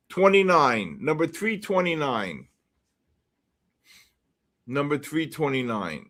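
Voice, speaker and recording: A man hosting a casual live stream, reading out giveaway numbers and names slowly and drawing them out. His voice sits a little high for a man and swings up and down a lot as he calls, with quick offhand asides in between. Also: big pitch swings, a bit bright. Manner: slow, drawn-out number calling with asides. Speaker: livestream host calling giveaway winners.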